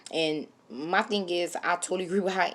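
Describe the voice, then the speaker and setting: Woman, low voice, opinionated, animated, casual vlog commentary. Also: fairly quick, very noisy. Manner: opinionated, animated, speaks straight to viewers. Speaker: reality TV reviewer.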